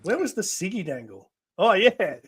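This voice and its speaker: A man hosting a live comic read-through, rambling with many pauses and laughs. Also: high-pitched, sing-song, a bit bright, slightly rough, no room sound. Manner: rambling, full of ums and laughs. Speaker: host. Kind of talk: casual live-stream chat.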